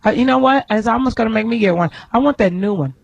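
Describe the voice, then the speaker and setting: A woman hosting a radio talk show, bantering and laughing loudly with her co-hosts in a studio. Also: on the high side, quick pace, vocal fry, highs cut off, very noisy. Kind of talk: loud, joking radio talk.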